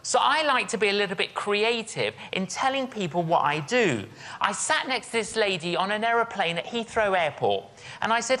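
A woman's voice: medium pitch, sing-song, normal speed, fairly bright tone. A woman reverend telling a humorous anecdote in a sermon, acting out both sides of a conversation. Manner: storytelling, acts out both sides of a dialogue.

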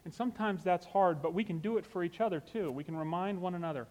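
Male preacher, slightly high voice, chatty and sincere sermon delivery. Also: fast talker, a little mellow, in a large hall. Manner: conversational and earnest, with asides like "you know".

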